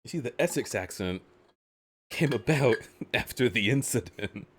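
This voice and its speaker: A man's voice: mid-range voice, animated, unhurried, husky, no room sound. A man streaming and reacting to a video with giggly, teasing commentary.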